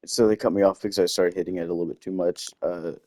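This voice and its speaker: Rambling young man, low and dry. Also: fairly even intonation, fast talker, warm tone, no echo. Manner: rambling, self-interrupting with game asides. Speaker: gaming storyteller. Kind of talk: casual storytelling over gameplay. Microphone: desktop microphone.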